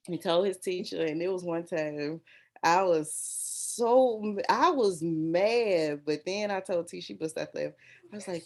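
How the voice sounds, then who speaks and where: A woman's voice: fairly low pitch, measured pace. A woman who is a teacher, telling a story in casual chat and acting out the voices of the people she quotes. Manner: animated, acts out quoted voices.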